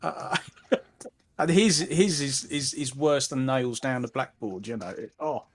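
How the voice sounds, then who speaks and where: A man chats as a guest on a casual stream. His voice is mid-pitched and ordinary, and he talks in an amused way, stumbling over repeated words as he goes. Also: slow pace. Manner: chatty and amused, stammering restarts. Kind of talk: casual chat.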